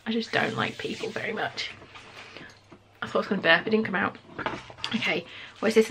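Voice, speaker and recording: A woman in her thirties chats through an unboxing at home, gushing and excitable, her voice slipping between bright exclamations and low mutters. Her tone has a gravelly fry to it. A faint hiss sits under the recording. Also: brisk, pauses often. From England. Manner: gushing, excitable, with sudden gasps and soft mutters. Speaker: vlogger. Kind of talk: casual unboxing chat. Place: home room.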